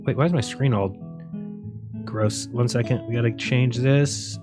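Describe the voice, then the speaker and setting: A man's voice: mid-range voice, fairly even intonation, a little slow, over music. A man hosting a casual livestream, rambling and joking, often laughing at his own jokes. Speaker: livestream host.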